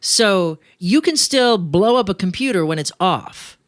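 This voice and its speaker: Hosting a finance chat show, a woman keeps things loose and joking, dropping quick asides between tips in a casual radio-show style. Her voice is middle-pitched and animated. The sound is close and dry, with no room sound.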